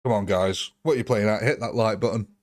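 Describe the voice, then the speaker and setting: A man's voice: on the low side, fast talker, a little mellow. Chatty man streaming a game. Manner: chatty and jokey, replies to viewers by name. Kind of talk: live gameplay commentary answering chat.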